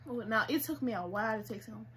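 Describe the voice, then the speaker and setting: High, bright-voiced young woman storyteller. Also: fast, slight background noise. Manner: animated, laughing often, acts out others' lines. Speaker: co-host telling a couple's story. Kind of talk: casual storytime chat.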